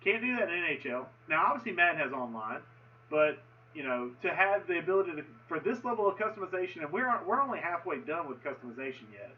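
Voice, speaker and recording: A man's voice: a little high, very animated, fast talker, distant mic, lo-fi sound. A man casually commenting on a sports video game's franchise settings, enthusiastic and often repeating himself. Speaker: gaming video host.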